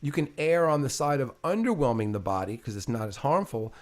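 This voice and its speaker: Male guest, mid-pitched voice, explains with animated emphasis. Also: fairly quick. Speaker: interview guest, chiropractor. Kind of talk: casual conversation.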